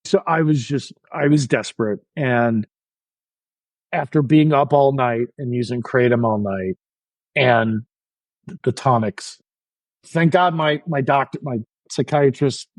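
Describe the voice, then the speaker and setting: A man's voice: mid-range voice, unhurried, no echo, low-quality recording. Candid man recounting his recovery. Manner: frank, self-deprecating, many restarts. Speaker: podcast guest. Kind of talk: candid personal storytelling.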